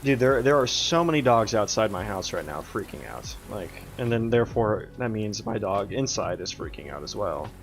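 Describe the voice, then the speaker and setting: A man streaming his game development work from home, talking himself through the code in a rambling, halting way. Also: fairly low pitch, lively intonation. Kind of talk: casual livestream, thinking aloud while coding.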